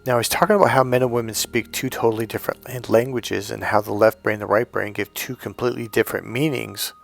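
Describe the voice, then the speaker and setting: A man's voice: mid-range voice, fairly even intonation, fast, creaky, faint music behind. A middle-aged man coaching on dating, telling stories bluntly, swearing freely and acting out both sides of conversations. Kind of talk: storytelling to camera.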